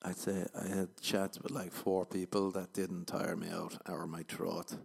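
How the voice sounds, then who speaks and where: A man's voice: low voice, flat delivery, a little slow, gravelly, darkish tone, husky. A young Irish man, a comedian hosting his own podcast, rambling in a profane, self-mocking casual monologue with a tired voice. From Ireland. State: tired voice from overuse. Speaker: stand-up comedian and podcast host.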